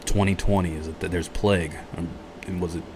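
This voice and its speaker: Deep fast-talking man, teasing. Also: steady tone, background noise. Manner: needling, teasing, fires off questions. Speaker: podcast co-host. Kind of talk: casual chat.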